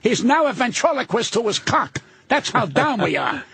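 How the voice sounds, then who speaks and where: A man's voice: very high-pitched, sing-song, moderate pace, creaky, a bit bright, husky. An older man and guest comedian, ranting brashly and profanely in a casual radio interview.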